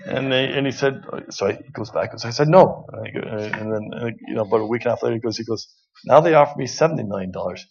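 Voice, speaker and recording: Gravelly man, mid pitch, panel storyteller, muffled lo-fi recording. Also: steady tone, racing, few pauses. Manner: storytelling with many restarts. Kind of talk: panel discussion anecdote. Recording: muffled lo-fi sound.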